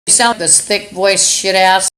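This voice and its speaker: A woman host rambling in a live-stream monologue into a phone camera, halting with many fillers and breaking into angry, insulting outbursts. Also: medium pitch, fairly even intonation, a bit bright, low-quality recording.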